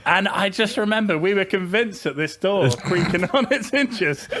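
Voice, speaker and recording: A man's voice: high-pitched, noisy background. A young man co-hosting a podcast in casual chat, laughing and restarting his sentences often. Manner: laughing, halting, with many restarts. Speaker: podcast co-host.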